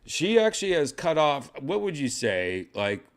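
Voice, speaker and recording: Gravelly-voiced man rambling crudely. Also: a little high, very animated, measured pace. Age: older. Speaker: host. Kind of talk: casual chat. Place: second-floor home room.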